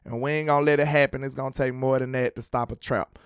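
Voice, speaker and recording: A man hosting a sports fan show, talking in an animated, slangy way straight to his viewers. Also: mid-range voice, fast talker, clear, resonant tone, no room sound, clean studio sound. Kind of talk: casual fan commentary with clips.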